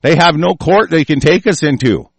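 Angry guy cussing through a news rant, highish voice, dead dry sound. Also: moderate pace, gravelly, husky, dry recording. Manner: profane, furious, reads news aloud then rants. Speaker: political commentator reading news. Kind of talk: angry ranting commentary.

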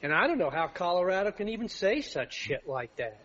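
A man's voice: high voice, sing-song, a little fast, a bit bright. Blunt male caller on a muffled line. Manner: blunt, agreeing. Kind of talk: call-in talk.

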